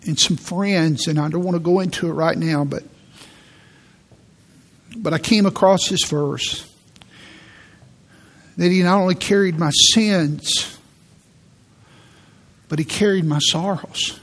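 Man preaching a slow, emphatic sermon. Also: sits high, a bit bright. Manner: slow, emphatic preaching with repeated key words. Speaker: pastor. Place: church sanctuary.

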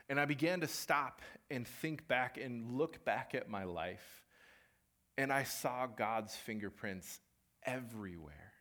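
A young man preaching in a relaxed, conversational way, mid-pitched, sharing a personal story. He brings in what others said with a bit of performance and keeps his talk down to earth. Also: measured pace. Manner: conversational, animated storytelling with acted-out quotes.

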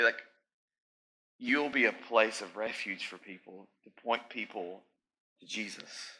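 A man preaching a sermon in a conversational, animated way, mixing scripture with casual asides. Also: mid-range voice, poor audio.

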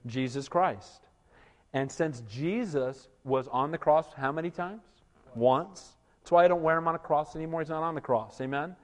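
A male pastor preaching an animated sermon, often asking his congregation "Amen?" for a response. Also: on the high side, normal speed, in a large hall.

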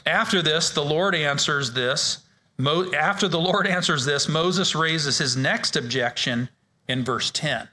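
A man's voice: fairly high pitch, a little slow, bright, forceful tone. A man leading a men's ministry Bible study in a casual, joking way, often restarting his sentences. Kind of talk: informal Bible study teaching.

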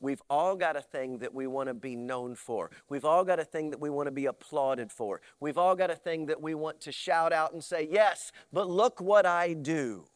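A man preaching an animated sermon, his voice sitting high. He swings from loud emphasis to hushed asides and slips into mocking voices. The sound is close and dry. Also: moderate pace, few pauses, clean tone, dry recording. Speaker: pastor.

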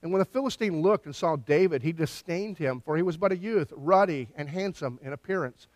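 A man preaching a sermon, retelling scripture with lively storytelling and acted-out quotes. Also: on the high side, a little fast, no echo. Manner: animated storytelling, voices quoted lines. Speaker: pastor.

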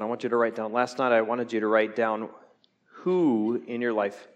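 A man preaching a sermon to his church, joking with the congregation and swinging from loud peaks to hushed lines. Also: mid-range voice, normal speed, in a large hall. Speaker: pastor.

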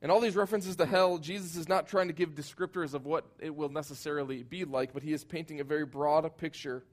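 A man preaching a sermon with a slightly higher-than-average voice. He is earnest and emphatic, swelling loud at his peaks and dropping soft and low to press a point. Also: steady tone, fast. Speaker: pastor.

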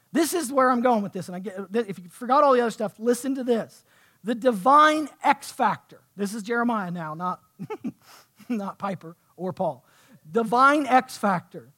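A pastor with a strikingly high voice delivers a sermon. He talks to his congregation in a conversational way, then builds to fervent, emphatic preaching. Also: a bit bright.

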